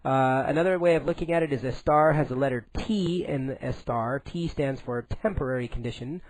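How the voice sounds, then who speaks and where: A man teaching a recorded Spanish grammar lesson in English, explaining slowly and deliberately with frequent "uh" fillers. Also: medium pitch, poor audio.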